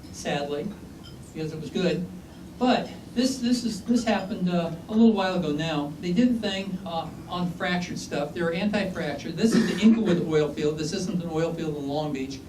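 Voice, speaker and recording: Man, geology lecturer, joking and conversational, higher-pitched voice, distant mic in an echoey room with faint hiss. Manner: chatty, joking, asks the audience questions. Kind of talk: informal lecture with anecdotes.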